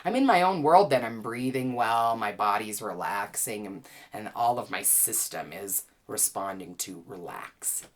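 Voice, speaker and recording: A woman teaching a well-being class, gently and playfully guiding listeners through calming exercises with easy laughs. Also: extremely low pitch, a little slow, few pauses. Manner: playful, chatty, laughs easily. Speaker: wellness teacher and author.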